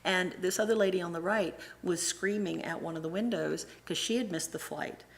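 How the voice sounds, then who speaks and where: A middle-aged woman giving a casual, animated church talk, acting out the voices of people she quotes and often restarting her sentences. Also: lowish voice, moderate pace. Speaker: church presenter and Sunday school teacher.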